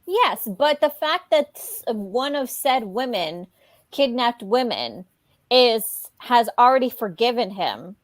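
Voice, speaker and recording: Give me a woman with a very lively pitch, dry recording, chatting wryly on a podcast. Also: slow pace, no room sound. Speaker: podcast co-host. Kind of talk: casual chat.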